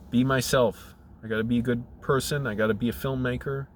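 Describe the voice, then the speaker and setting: A middle-aged man, choked up, talking in a halting, emotional way, with many restarts and fillers. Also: medium pitch, fairly even intonation, slight background noise. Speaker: channel creative director. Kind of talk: personal video diary.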